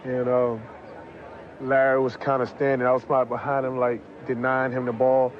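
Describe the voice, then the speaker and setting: Guy loudly telling a game story, muffled lo-fi recording. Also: mid-range voice, monotone, moderate pace. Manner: loud, emphatic storytelling. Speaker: former opponent recalling a game. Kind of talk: interview anecdote. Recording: dull lo-fi audio.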